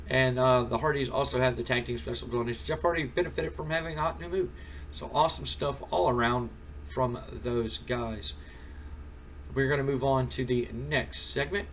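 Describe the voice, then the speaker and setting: A man's voice: mid-range voice, fairly bright tone. Male host narrating a game casually; rambling, full of fillers, recorded from a distance with faint noise. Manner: rambling, filler-heavy retelling.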